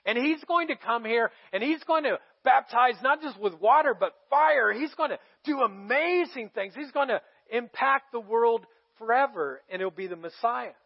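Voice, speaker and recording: A man's voice: very high voice, animated, moderate pace, vocal fry, few pauses, highs cut off. A man pastor giving a sermon, telling the story casually with bursts of emphasis.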